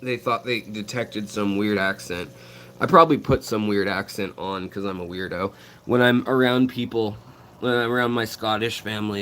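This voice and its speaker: A man's voice: fairly low pitch, normal speed, a bit bright. An American man hosting a fishkeeping live stream, rambling casually with lots of ums and restarts while he answers viewer messages beside his aquarium tanks. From United States.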